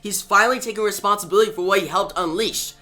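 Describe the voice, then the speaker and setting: A man's voice: sits high, quick pace, pushed and bright, faint music behind, pitched above the performer's own voice. A man voicing a fierce female superhero team leader, speaking urgently and giving commands.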